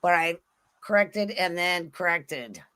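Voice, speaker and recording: A middle-aged woman from Southern California telling anecdotes in casual chat, expressive and quick to laugh. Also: fairly low pitch, clear, resonant tone. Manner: expressive, laughing, acts out voices.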